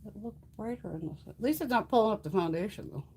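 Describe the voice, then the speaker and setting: A woman's voice: mid-range voice, animated, quick pace, darkish tone, breathy edge. A woman hosting a casual makeup livestream from home, chatty and salty, swearing freely and cooing at her cats. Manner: coos in baby talk at her cats. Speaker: beauty livestream host.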